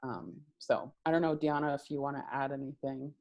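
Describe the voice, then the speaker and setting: A woman's voice: rumbling low, fairly even intonation, a little fast, darkish tone. A woman filmmaker on a virtual panel, talking in a rambling way with many fillers.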